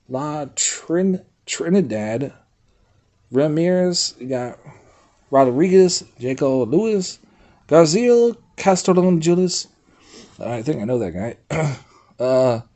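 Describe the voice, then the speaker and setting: A man streaming and chatting casually with his viewers, rambling, reading a website aloud and breaking into swearing outbursts. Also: on the high side. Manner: rambling, reads website aloud, talks to chat; swears freely, animated outbursts. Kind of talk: casual livestream chat.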